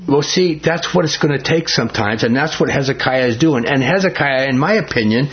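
A man teaching a Bible study, reading scripture slowly and then talking about it in a heated, emphatic way. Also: fairly high pitch, highs cut off, a little hiss or hum.

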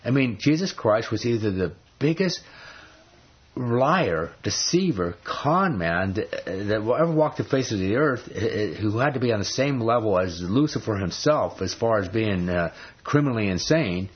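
Man, Bible teacher, emphatic, rhetorical questions, husky voice, muffled lo-fi sound. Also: lowish voice, animated, normal speed. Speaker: preacher.

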